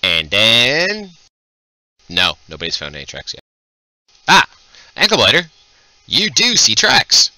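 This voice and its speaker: A man running a tabletop game as game master, joking and narrating quickly. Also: mid-range voice, wildly swooping pitch, sharp tone, no room sound.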